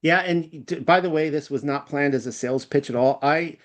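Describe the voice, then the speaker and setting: A man's voice: a little high, brisk. Rambling Californian man, casual chat. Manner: rambling, self-deprecating, many fillers and restarts. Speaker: podcast guest.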